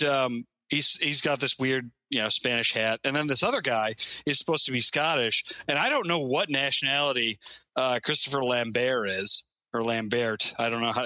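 A man with a very bright, dry close-miked voice chats on a podcast. He tells a rambling movie story in a casual, laughing way, with lots of fillers. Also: mid-range voice, dry recording, low-quality recording. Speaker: podcast co-host. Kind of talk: casual chat.

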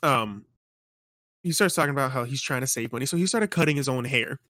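A man's voice: mid-range voice, brisk, bright, forceful tone, no echo, studio quality. A young man co-hosting a casual gaming podcast, telling a funny story at an easygoing pace. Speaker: podcast co-host.

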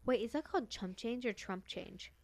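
A woman's voice: a little high, moderate pace, dry recording. A young adult woman co-hosting a podcast, chatting casually, joking and cracking up easily. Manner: giggly, jokey, cracks up easily. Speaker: podcast co-host. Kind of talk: casual chat.

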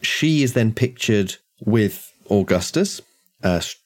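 A man narrating a tabletop horror game as game master, describing scenes in a relaxed way. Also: lowish voice, takes it slowly.

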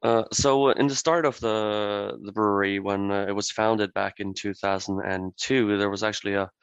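A Norwegian-accented man speaks in a low, flat, smooth voice, pausing often on filler words as he answers. The recording is dry and slightly muffled, as if over a remote line. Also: no echo. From Norway. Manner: hesitant, many "uh" fillers. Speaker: brewery representative, guest. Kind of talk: interview answers.

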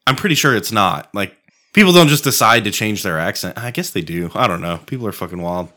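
A man's voice: on the low side, expressive, fast, pushed and bright. A man co-hosting a casual podcast chat, rambling, swearing and laughing often. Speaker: podcast co-host.

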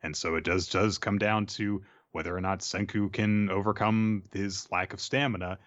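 A man's voice: low-pitched, fairly even intonation, normal speed, a bit bright, no room sound, muffled recording. A man co-hosting a casual chat who muses aloud and hedges often with fillers. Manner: rambling, hedging with fillers. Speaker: podcast co-host.

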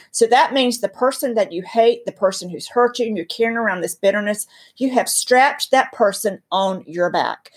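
A woman with a Southern drawl, her voice soft and breathy, speaks as a guest about faith. She tells stories and drives her points home with preacherly emphasis, at a middling pitch. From North Carolina. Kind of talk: earnest faith teaching in conversation.

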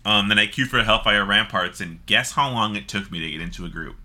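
A man's voice: lowish voice, brisk. A man chatting casually about a video game, telling stories with swearing and laughter. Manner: animated, swearing, laughing storyteller. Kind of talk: casual gaming chat.

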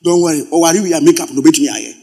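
A man preaching a sermon as pastor, swinging from loud exclamations to quiet asides. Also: fairly high pitch, very fast, a little hiss or hum.

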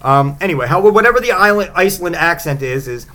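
A man's voice: a little high, a little fast, hardly any pauses, bright, forceful tone. A man hosting a comedy podcast, rambling through a sarcastic, profane monologue. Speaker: podcast host.

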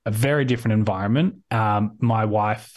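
A man's voice: fairly low pitch, moderate pace, a little mellow. Australian man, podcast guest, rambling with restarts, video call audio. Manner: rambling with frequent restarts, acts out quoted voices. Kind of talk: casual conversational interview.

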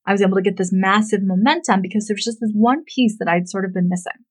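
A woman in her thirties, a love coach, telling a personal story in a chatty, animated way full of "like" fillers. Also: mid-range voice, quick pace, breathy edge, poor audio. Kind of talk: casual storytelling to camera.

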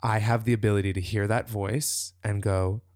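A man talking as a guest on a casual podcast, animated and laughing, who acts out his own inner voice and swears casually. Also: lowish voice, a little fast, no echo, studio quality.

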